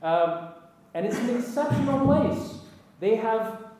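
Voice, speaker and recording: A man with a high voice gives an anecdotal talk to an audience, earnest, with emphatic lists and wry asides. He sounds distant from the microphone, and a strong echo of a large hall rings around each phrase. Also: lively intonation, slow, mellow, slight background noise. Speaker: speaker addressing an audience. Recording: echoey hall, voice from far off.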